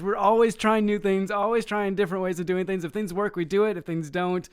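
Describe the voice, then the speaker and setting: Associate pastor guy, smooth clear voice, upbeat, laughs a lot. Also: high voice, brisk, hardly any pauses. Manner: upbeat, laughs easily, animated. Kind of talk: casual chat.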